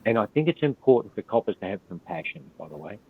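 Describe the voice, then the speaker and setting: An older Australian man tells his story as a guest in a blunt, swearing, easygoing way. His voice sits low and deep. The sound is thin and tinny, like a phone line. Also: lively intonation, fast, vocal fry, slightly rough. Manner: blunt, profane, laid-back storyteller. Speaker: podcast guest, retired police officer. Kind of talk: storytelling in casual interview.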